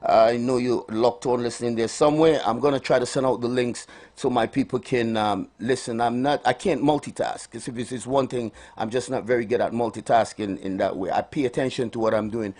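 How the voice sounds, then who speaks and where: A man's voice: medium pitch, fairly even intonation, fairly quick, few pauses, darkish tone. A man hosting a live morning radio health show, calling out cheerful greetings and giving preachy asides. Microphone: studio microphone.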